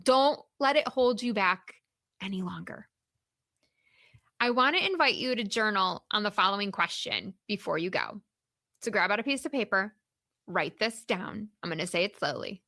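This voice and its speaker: A woman hosting a solo motivational podcast as a career coach, encouraging and emphatic, slowing down to stress key points. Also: mid-range voice, animated, bright, forceful tone, no room sound, clean studio sound.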